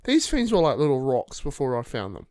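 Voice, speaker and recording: A man's voice: medium pitch, wildly swooping pitch, fairly quick, darkish tone. A young man with a New Zealand accent, co-hosting a casual podcast and telling a story, swearing and laughing as he goes. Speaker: podcast co-host. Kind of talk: casual chat.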